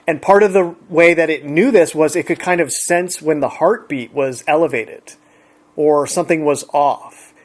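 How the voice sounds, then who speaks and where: A man relaxedly retelling an everyday encounter in a chatty, conversational way. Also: a little high. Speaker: storyteller. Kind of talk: casual anecdote.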